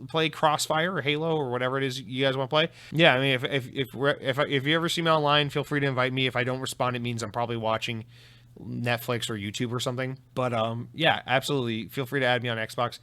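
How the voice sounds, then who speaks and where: A man's voice: medium pitch, fairly even intonation, quick pace, sharp tone, clear, resonant tone. A man hosting a solo podcast, chatting casually and rambling with many restarts and repeated words, swearing now and then. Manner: casual and profane, self-deprecating. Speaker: podcast host. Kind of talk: solo podcast chat reading listener comments.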